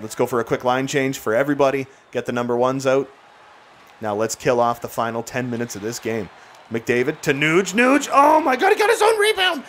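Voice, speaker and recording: A man doing excited, jokey play-by-play commentary while playing a hockey video game. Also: medium pitch, a little hiss or hum. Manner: excitable, jokey, bursts into shouts and laughs. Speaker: gaming YouTuber.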